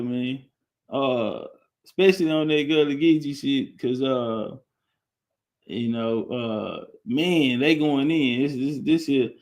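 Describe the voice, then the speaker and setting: Rambling live-stream host, raised pitch. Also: male voice. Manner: loose, rambling, shouting out viewers. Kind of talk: casual live-stream talk.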